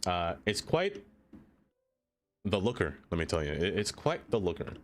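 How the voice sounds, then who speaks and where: A man's voice: sits low, normal speed, a little hiss or hum. Chatty man streaming a game. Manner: chatty, laughs often, greets chat by name; playful, easily excited. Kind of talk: casual live-stream chat.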